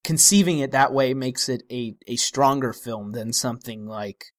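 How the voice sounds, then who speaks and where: A man's voice: mid-range voice, normal speed, dry recording. Wry analytical man, dry sound. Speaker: film podcast co-host. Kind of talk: casual film discussion.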